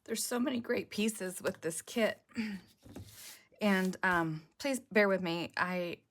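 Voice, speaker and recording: A woman's voice: mid-range voice, slow, a bit bright, a little hiss or hum. A woman with a sore, cracking throat, chatting and thinking aloud in a rambling way as she explains a crafting project. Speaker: junk journal crafter on a design team. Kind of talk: casual crafting tutorial.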